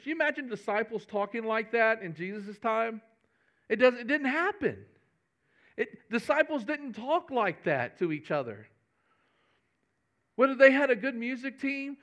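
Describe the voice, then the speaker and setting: A man's voice: extremely high pitch, a bit bright, dull audio. A man, a pastor giving a folksy, conversational sermon with humor.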